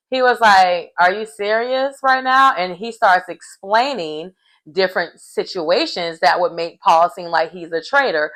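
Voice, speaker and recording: A woman giving a casual, animated episode recap of a reality show and acting out the people she quotes. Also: mid-range voice, rough recording. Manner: animated storytelling, acts out quotes.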